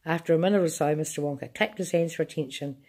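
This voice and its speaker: A woman reads a children's chapter book aloud to a child, unhurried and expressive. Her voice sits very low for a woman. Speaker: storyteller reading to a child.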